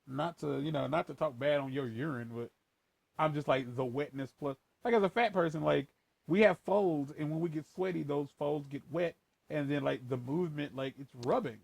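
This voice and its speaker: Brief: crude, rambling man in casual chat, gravelly and a bit high, dry close sound. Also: moderate pace, a little mellow, no echo. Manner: profane, rambling, switches between a higher playful voice and a lower formal one.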